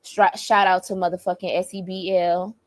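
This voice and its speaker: A young woman, a battle rapper, telling a story in an animated, profane, emphatic rant. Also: on the low side, normal speed, no room sound.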